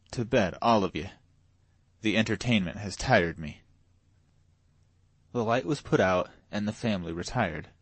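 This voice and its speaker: A male audiobook narrator with a low voice, telling a classic story in a steady, measured way. The recording is dry and close, with no room echo. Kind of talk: scripted narration.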